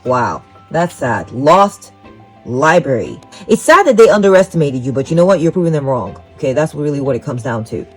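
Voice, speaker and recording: Over faint background music, a tarot reader speaks in a deep, sing-song voice at normal speed, and the recording quality is low. Addressing the viewer directly in a psychic reading, she wanders, says things more than once, and keeps offering encouragement.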